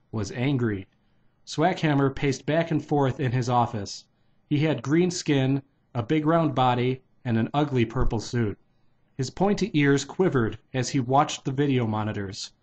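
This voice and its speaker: A man's voice: medium pitch, darkish tone. A man casually reading a children's novelization aloud. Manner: plain, unpolished read-aloud. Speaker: reader.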